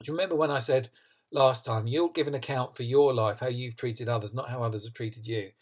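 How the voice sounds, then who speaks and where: A man's voice: mid-range voice, fairly even intonation, fairly quick. A man preaching a sermon, earnest and emphatic, reading scripture and asking questions he answers himself. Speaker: pastor.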